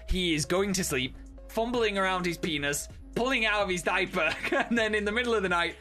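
A man streaming games, chatting casually and excitably, swearing often and breaking into laughter. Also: on the high side. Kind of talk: casual gaming stream chat.

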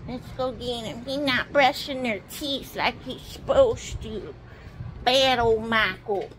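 A woman's voice: on the high side, takes it slowly, fairly bright tone. A woman making a playful home video, cooing and sing-song as she plays pretend with toys and pets. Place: home, indoors. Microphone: phone camera. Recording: noisy home phone recording.

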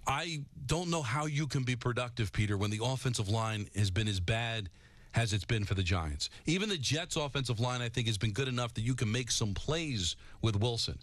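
A man co-hosting sports talk radio, blunt and sarcastic, often shouting in a furious rant. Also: mid-range voice, lively intonation, moderate pace, dry recording.

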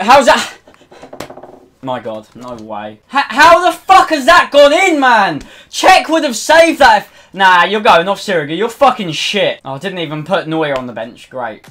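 Young guy doing fifa commentary, high voice all over the place, curses and yells at the game. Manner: swings from low muttering to shouting, swears. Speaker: gaming YouTuber. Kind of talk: live gameplay commentary.

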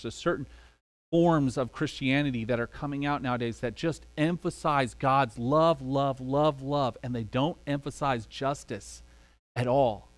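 A man's voice: fairly high pitch, dry recording. A man preaching a sermon in a conversational way, acting out small quoted exchanges as he goes. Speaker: pastor.

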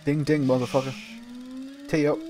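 A man's voice: a little high, level tone, normal speed, over music. A man casually commentating a video game, goofing around, humming nonsense and chatting to himself. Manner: goofy, sings and mutters to himself while playing. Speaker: gameplay commentator. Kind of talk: casual let's play commentary.

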